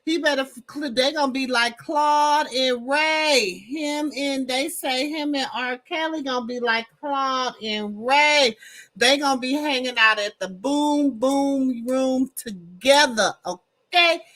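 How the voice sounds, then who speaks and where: A woman's voice: high-pitched, slow, fairly bright tone. A woman hosting a gossip commentary show, sassy and mocking, sometimes breaking into sing-song. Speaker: show host.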